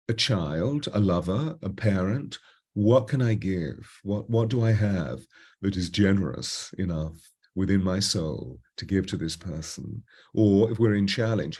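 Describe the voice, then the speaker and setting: A man in his seventies with a British Received Pronunciation accent, a voice coach telling stories in an interview, expressive, moving between lively bursts and slow, hushed phrases. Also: low-pitched, breathy edge. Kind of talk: reflective interview storytelling.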